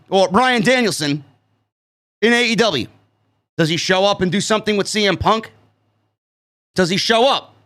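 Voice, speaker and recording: A man from New York hosting a live-stream wrestling review, excitable and profane, tacking "man" onto his sentences. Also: sits high. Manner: excitable, swears freely, keeps saying "man".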